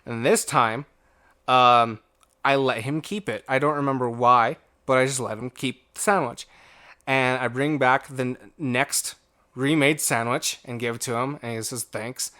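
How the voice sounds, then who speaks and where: A man's voice: mid-range voice, fairly even intonation, a little slow, bright, forceful tone. A young man co-hosting a podcast, telling a rambling work story in casual chat and acting out the other people's lines. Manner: rambling anecdote with acted-out quotes and laughter. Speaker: podcast co-host.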